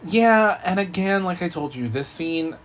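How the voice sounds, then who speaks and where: A man's voice: high voice, unhurried, a little hiss or hum. Profane, joking male podcast co-host. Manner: animated, profane, jokey. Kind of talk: casual chat.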